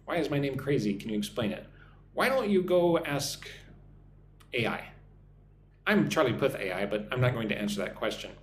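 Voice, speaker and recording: Lively American man teaching English live. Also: mid-range voice. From United States. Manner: reads viewer comments aloud and drills pronunciation slowly. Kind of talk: live-stream English lesson, reading chat. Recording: echoey room with faint noise.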